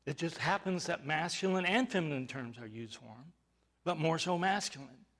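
A man's voice: on the high side, normal speed, fairly bright tone. A male pastor preaching a sermon, emphatic, with rhetorical questions and rising bursts of volume.

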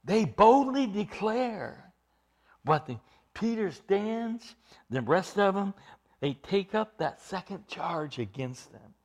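A male preacher giving a sermon, emphatic, building up to loud stressed phrases and dropping to quiet asides. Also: high-pitched, sing-song, slow pace.

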